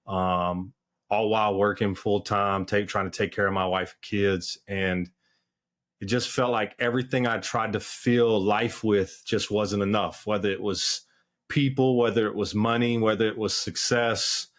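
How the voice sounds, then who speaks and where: A man's voice: on the low side, a bit bright. A man as a podcast guest, telling his personal testimony in an earnest, candid way with plenty of fillers. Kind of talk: personal testimony in casual conversation.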